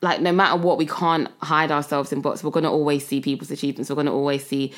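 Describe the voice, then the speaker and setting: Low-voiced young woman hosting. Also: flat delivery, quick pace. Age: young adult. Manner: rambling, many fillers and restarts. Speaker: podcast host. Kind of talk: casual chat.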